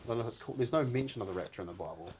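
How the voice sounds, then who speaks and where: Earnest podcast guest, low-pitched man, emotional storyteller, casual. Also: animated, very fast, a little mellow, a little hiss or hum. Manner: earnest, emotional storytelling, says "bro" often.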